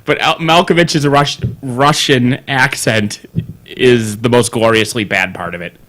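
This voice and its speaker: A man co-hosting a casual podcast, animated, swearing freely and laughing often as he talks. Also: mid-range voice, measured pace. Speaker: podcast co-host. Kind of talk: casual chat. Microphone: studio mic on a live stream.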